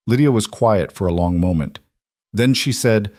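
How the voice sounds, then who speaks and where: A male narrator telling an old-west story with calm, measured pacing and a lowish, settled voice. The sound is close and dry, with no trace of room echo. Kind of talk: scripted western storybook narration.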